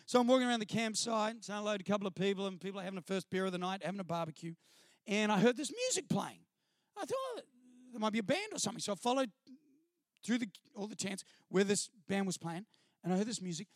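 A man telling a comic story to an audience in an animated way, mimicking people and laughing through his lines. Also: high voice, quick pace, no room sound, studio quality. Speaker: speaker sharing a testimony.

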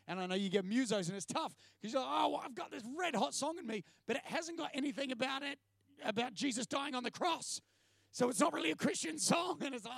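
High-pitched gravelly preacher. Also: male voice, no room sound. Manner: storytelling, animated, jokey asides. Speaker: preacher and TV presenter. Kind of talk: sermon.

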